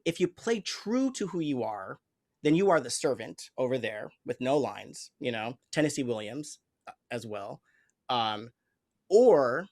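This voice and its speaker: A man hosting an interview who talks in an earnest, reflective way, often searching for his words as he explains his thoughts as an improv teacher. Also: a little high. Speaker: host. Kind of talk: conversational interview.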